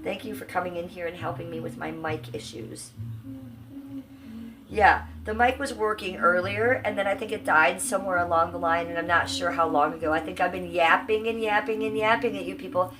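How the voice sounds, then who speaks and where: A woman's voice: fairly low pitch, a little fast. A woman hosting a casual livestream from home on a phone microphone, chatting with viewers and her pets. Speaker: livestream host. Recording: roomy, distant phone audio, faint noise.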